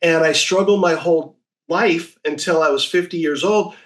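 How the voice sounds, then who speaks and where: A man in his sixties telling stories as a podcast guest, lively and acting out the voices of people he quotes. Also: fairly high pitch, normal speed. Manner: animated, acts out quoted voices. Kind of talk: casual storytelling.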